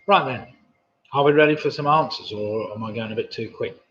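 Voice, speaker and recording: A man's voice: medium pitch, brisk. A man hosting a live pub quiz, reading questions with chatty, jokey asides. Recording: dull lo-fi stream audio.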